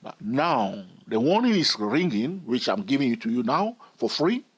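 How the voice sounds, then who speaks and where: Husky man teaching chart trading. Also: medium pitch, very animated, normal speed, muffled recording. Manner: emphatic, repeats key phrases. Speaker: trading educator. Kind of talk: chart analysis lesson.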